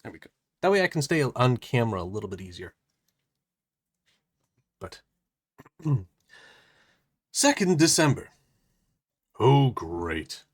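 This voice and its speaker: A man's voice: on the low side, very animated, moderate pace, long pauses, breathy edge. Playful man chatting on a live stream. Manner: chatty and playful, muttering to himself while working. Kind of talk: casual live stream, reading a puzzle book aloud.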